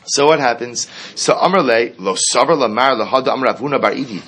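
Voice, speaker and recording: Male Talmud teacher, slightly husky tone, mid-range pitch, explains each passage with rhetorical questions. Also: quick pace, a bit bright. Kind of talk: Talmud class lecture.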